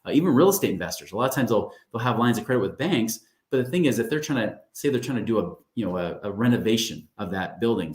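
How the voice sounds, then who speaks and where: A man's voice: fairly low pitch, echoey room. A man who coaches on money, giving a webinar in an upbeat, conversational way and often checking in with his listeners. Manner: upbeat, conversational, often asks "right?" and says "guys". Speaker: financial coach. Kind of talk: webinar presentation.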